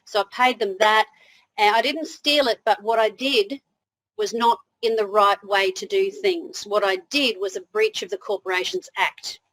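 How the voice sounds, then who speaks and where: A woman's voice: mid-range voice, fairly even intonation, moderate pace, a bit bright, rough recording. A woman with an Australian accent, a guest in an interview, telling her story in a chatty way, laughing easily and often restarting her sentences.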